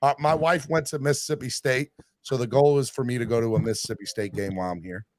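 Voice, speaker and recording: A man from North Carolina with a Southern accent, hosting a casual call-in sports chat, chummy and animated. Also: fast talker. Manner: animated, chummy, drifts from loud to low. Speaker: podcast host.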